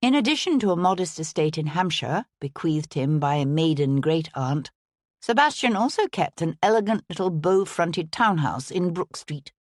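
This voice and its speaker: A woman with a low voice reads an audiobook as its narrator, delivering scripted narration. The recording is dry with clean studio sound.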